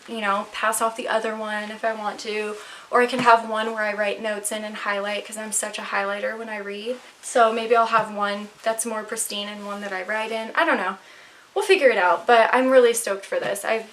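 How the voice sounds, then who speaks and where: A woman's voice: fairly high pitch, fairly bright tone. A young woman chatting casually about her new books and gifts, enthusiastic and full of fillers, a little out of breath, at home. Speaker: vlogger. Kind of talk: casual book haul chat. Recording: slightly distant mic, faint noise.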